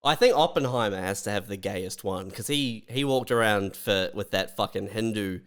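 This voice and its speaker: A man's voice: lowish voice, moderate pace, clear, resonant tone. A man co-hosting a comedy podcast, laid-back and profane, spinning absurd scenarios with dry humor. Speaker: podcast co-host. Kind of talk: crude comedic banter.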